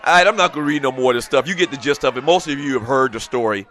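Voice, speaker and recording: A man hosting a casual sports talk show, animated and chatty, talking straight to his listeners. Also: mid-range voice, rapid-fire.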